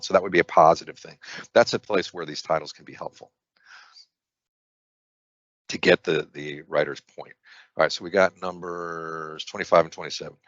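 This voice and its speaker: A man's voice: low-pitched, a bit bright, no echo, highs cut off. A man tutoring through practice test questions, thinking aloud with frequent restarts and fillers. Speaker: SAT prep tutor. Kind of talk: screen-share test walkthrough.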